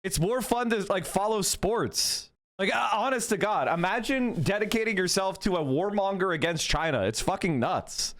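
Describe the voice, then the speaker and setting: A man's voice: sits high, expressive, normal speed, few pauses, a bit bright. Combative profane man ranting to chat. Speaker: political streamer. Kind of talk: live-stream rant to chat.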